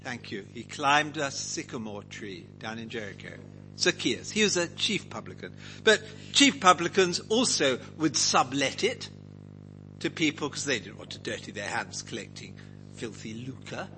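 A man's voice: mid-range voice, expressive, normal speed, sharp tone, slight background noise, poor audio. A man teaching a Bible passage to a group, asking them questions and acting out quotes. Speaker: preacher leading a Bible study.

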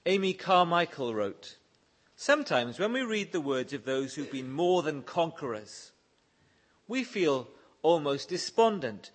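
A man's voice: a little high, big pitch swings, measured pace. A man preaching a sermon, reading scripture verses aloud and pressing his listeners with earnest questions. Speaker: pastor.

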